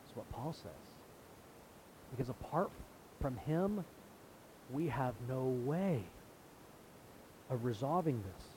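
A man's voice: mid-range voice, lively intonation, slow pace, long pauses, warm tone, a little hiss or hum, rough recording. A man preaching a sermon in an earnest way, now and then acting out the voices of people in the story. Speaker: pastor.

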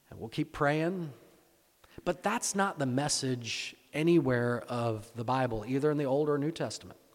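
Conversational preacher in an echoey hall. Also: male voice, a little high. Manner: conversational, repeats words, rhetorical questions. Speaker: pastor. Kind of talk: sermon.

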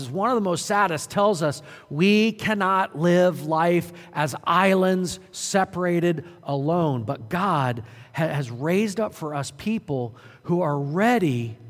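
Male pastor, fairly high voice, preaching with earnest, urgent swings in volume; long hall reverb. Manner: earnest preaching, rising to loud urgent emphasis and dropping to quiet. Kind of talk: sermon.

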